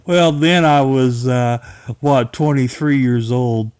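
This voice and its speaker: Slow folksy middle-aged storyteller. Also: male voice, medium pitch, darkish tone, smooth, no room sound, clean studio sound. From Ohio-Kentucky area. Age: 50s. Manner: rambling, folksy, chuckling, restarts often. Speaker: channel host. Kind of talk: casual storytelling monologue.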